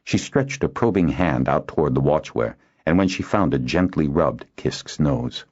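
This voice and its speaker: Man, audiobook narration, deep voice, lively intonation, dull lo-fi sound. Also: normal speed, hardly any pauses. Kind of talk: scripted narration. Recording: dull lo-fi recording.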